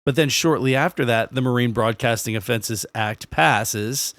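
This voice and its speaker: A man's voice: mid-range voice, moderate pace, a bit bright, no echo. A man co-hosting a podcast, telling a history story in casual chat, laughing often and swearing freely. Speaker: podcast co-host.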